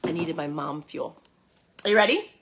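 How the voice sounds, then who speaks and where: A woman's voice: low-pitched, expressive, normal speed, slight background noise. A woman hosting a podcast, chatting in a casual, upbeat way to her listeners, reading passages from a book and commenting on them. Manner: addresses listeners directly with frequent check-ins. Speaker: podcast host. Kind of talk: casual motivational talk.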